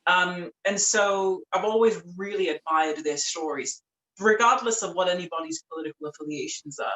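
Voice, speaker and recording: A woman from Tonga, a podcast guest, telling stories in a lively, chatty way full of "like" and "um". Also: fairly low pitch, moderate pace, echoey room, a little hiss or hum, low-quality recording. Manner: lively, chatty, many fillers like "like" and "um". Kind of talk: casual storytelling in a podcast interview.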